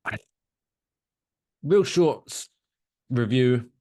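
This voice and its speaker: A man's voice: medium pitch, very slow, no echo, clean studio sound. A man co-hosting a podcast, chatting casually and telling rambling stories with plenty of swearing. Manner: animated, rambling storyteller who swears. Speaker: podcast co-host. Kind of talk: casual chat.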